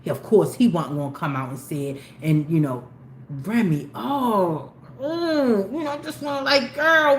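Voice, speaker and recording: A woman of middle pitch hosting a casual celebrity gossip show, talking in a slangy, opinionated way with loud bursts and low asides. Her voice rings around an echoey room with a faint hum of ambient noise behind it. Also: lively intonation, a little slow. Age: older. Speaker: commentary host.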